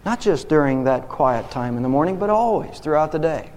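A man's voice: mid-range voice, animated, moderate pace, few pauses, a little mellow. A man preaching a sermon as pastor, impassioned, his voice rising on key points. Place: church sanctuary. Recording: long reverb of a church hall.

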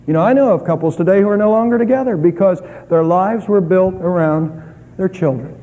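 A middle-aged man preaching a sermon as a pastor, earnest, swinging between loud and soft. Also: high-pitched, fairly quick, highs cut off. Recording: echoey hall with long reverb.

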